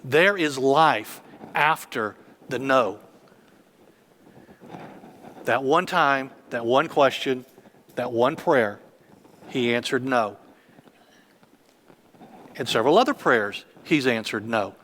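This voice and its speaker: A man's voice: mid-range voice, slow, pauses often, fairly bright tone, a little hiss or hum. A man in his fifties, a church elder preaching a sermon with emphatic, repetitive phrasing.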